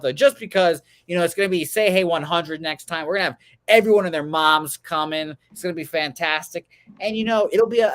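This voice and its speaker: A man's voice: high voice, no echo. A young man hosting a sports betting radio show, chatting in a loose, joking, profane way. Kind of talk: casual sports radio chat.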